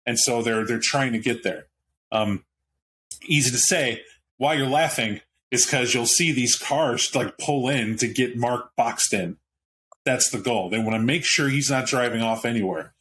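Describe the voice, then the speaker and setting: A man narrating as game master of a tabletop role-playing game, rambling and animated. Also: mid-range voice, a little slow, slight background noise, poor audio.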